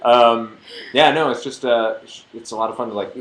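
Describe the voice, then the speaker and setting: A young man chatting casually on a livestream, answering fan questions in a halting, joking way. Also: medium pitch, fairly even intonation, roomy sound, poor audio.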